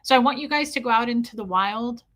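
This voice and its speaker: A woman from the US Midwest chatting fast on a live stream, telling stories, swearing, and reading chat names. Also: a little high, a bit bright. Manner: fast-talking, swearing, laughing storyteller.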